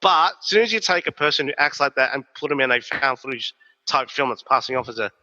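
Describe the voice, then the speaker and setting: A man, co-hosting a podcast and telling stories in a lively, swearing, casual way. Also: medium pitch, quick pace. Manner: animated, profane storytelling. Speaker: podcast co-host. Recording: dull, reverberant recording.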